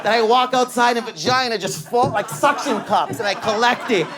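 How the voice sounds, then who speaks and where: A Canadian man doing stand-up, telling animated stories and bursting into shouted impressions of other people. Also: very high voice, normal speed, music in the background. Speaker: stand-up comedian. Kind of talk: stand-up routine. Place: comedy club stage before a live audience. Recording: live club with loud crowd laughter. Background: audience laughter.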